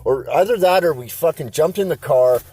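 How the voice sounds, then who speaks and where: A man's voice: fairly high pitch, lively intonation, a little fast, mellow, slightly rough, no echo. Laid-back man spinning a yarn. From Canada. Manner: rambling, profane, laid-back. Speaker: interviewee. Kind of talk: casual storytelling.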